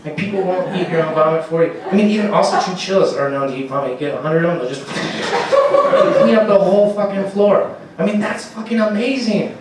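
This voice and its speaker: A man with a slightly high voice performs a rambling, profane stand-up set, laughing at his own jokes as he goes. He sounds set back from the mic, with heavy echo from the room. A faint hum of ambience sits underneath. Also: big pitch swings, a little fast, recorded from a distance. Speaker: stand-up comedian.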